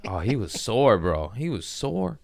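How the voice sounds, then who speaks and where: A man hosting a comedy podcast, telling a story in a casual, profane, animated way and jumping into quick voices. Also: fairly low pitch, creaky.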